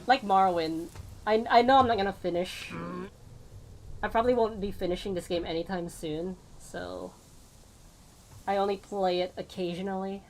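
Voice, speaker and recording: A woman's voice: medium pitch, fairly even intonation, normal speed, long pauses, a little hiss or hum. A woman VTuber chatting casually to her viewers while playing a game, rambling off on tangents with small laughs and restarts. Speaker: VTuber streamer. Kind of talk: casual gameplay stream chat.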